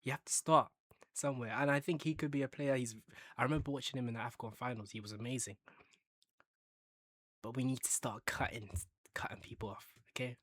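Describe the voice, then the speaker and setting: A man's voice: medium pitch, steady tone, a little fast, long pauses, a bit bright, dry recording. A man hosting a casual football chat, ranking players with banter and bursts of hype. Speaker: football fan channel host.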